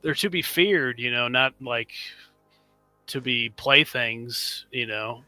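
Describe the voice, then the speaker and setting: A man's voice: medium pitch, slow, sharp tone, no echo, faint music behind. A man co-hosting a casual stream chat, rambling through his opinions with lots of fillers. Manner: laid-back, rambling opinions with many fillers.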